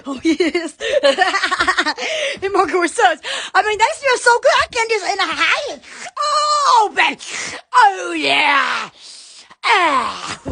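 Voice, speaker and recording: A woman's voice: extremely high pitch, bright, forceful tone. A woman hosting a casual live stream on her phone, giggling and exclaiming constantly.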